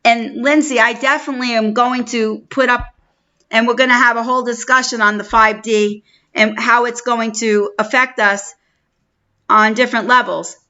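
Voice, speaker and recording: Bright high-voiced New York woman, chatty. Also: steady tone, normal speed. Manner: chatty and effusive, greets viewers by name. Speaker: livestream host. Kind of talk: casual live-stream chat. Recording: dull lo-fi stream audio.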